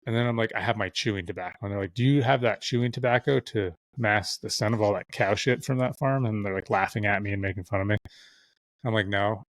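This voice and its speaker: This young man, a guest on a podcast, speaks fast in a fairly low voice with fairly even intonation. His long, casual story wanders, full of swearing and acted-out quotes from others.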